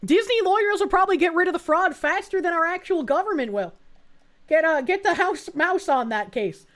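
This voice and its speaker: Woman streamer, sarcastic and blunt, high voice, very animated delivery. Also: a little fast. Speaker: streamer commentator. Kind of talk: reaction commentary.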